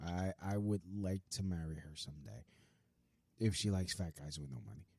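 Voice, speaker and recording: A man's voice: deep voice, lively intonation, normal speed. A man ranting casually to camera, rambling and profane, with many fillers and restarts. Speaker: vlogger. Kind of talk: casual rant.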